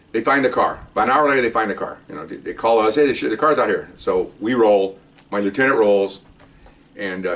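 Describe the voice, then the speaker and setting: An older man, a retired police supervisor, telling a cop story in a casual monologue and loudly acting out his own past lines. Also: fairly low pitch, recorded from a distance. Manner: animated, acts out his own yelling in quoted lines.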